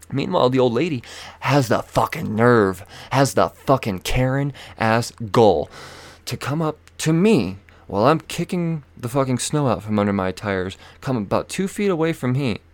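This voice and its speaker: A young man hosting a podcast, telling a comedic story as a profane, swearing rant. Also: lowish voice. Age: young adult. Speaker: podcast host.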